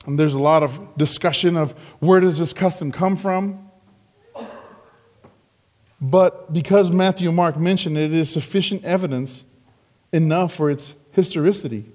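A man preaching an expository sermon, slow and deliberate, growing emphatic when quoting the crowd. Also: on the high side, a little mellow. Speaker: pastor.

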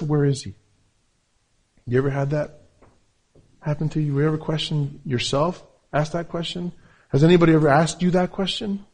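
A man's voice: fairly high pitch, fairly even intonation, moderate pace, long pauses, a little mellow. Emphatic preaching man, non-native English accent. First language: not English. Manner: preaching with rising emphatic repetition. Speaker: pastor. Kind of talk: sermon.

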